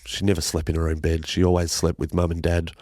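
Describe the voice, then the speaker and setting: Deep-voiced Australian man, halting and raw. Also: completely flat delivery, a little mellow, dry recording, clean studio sound. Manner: halting, emotional, swears often, many restarts. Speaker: podcast guest. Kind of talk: emotional personal storytelling interview.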